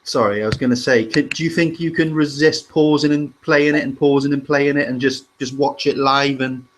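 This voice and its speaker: A man's voice: medium pitch, steady tone, normal speed. A man calling in to a casual livestream chat, swearing and repeating words as he starts sentences. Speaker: guest caller.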